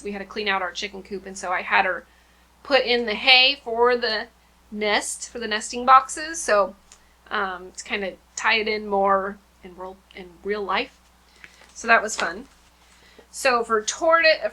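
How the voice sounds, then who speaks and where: A woman's voice: on the high side, sharp tone. A woman in her thirties, a homeschooling mom, chatting casually and rambling with many fillers about her kindergarten lessons at home. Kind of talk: casual vlog chat.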